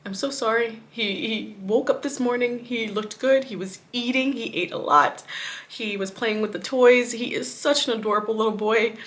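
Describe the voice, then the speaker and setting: Grieving woman with a bright voice. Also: fairly high pitch, moderate pace. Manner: grieving, swinging from hushed to raised voice. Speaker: vlogger. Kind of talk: emotional personal story.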